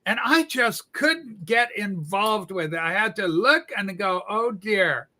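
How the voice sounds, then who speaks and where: A man's voice: high-pitched, expressive, takes it slowly, bright, forceful tone, exaggerated voice. A man playing Rachel, a flamboyant, gossipy woman who fusses and scolds in mock scandal during comedic livestream banter. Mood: bossy. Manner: campy, chatty, mock-scandalized.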